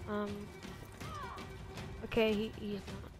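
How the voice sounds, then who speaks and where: A woman's voice: mid-range voice, completely flat delivery, slow pace, over music. A young woman giving casual gameplay commentary, slangy and stammering as she teases her opponents. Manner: slangy, stammering, mock-trash-talking opponents. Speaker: gamer.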